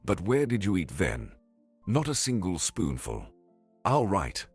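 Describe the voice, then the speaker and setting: Man reading as a frightened, pleading wife, husky and low, lively lines. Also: measured pace, faint music behind, heavily acted. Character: anxious married mother caught by ex-lover.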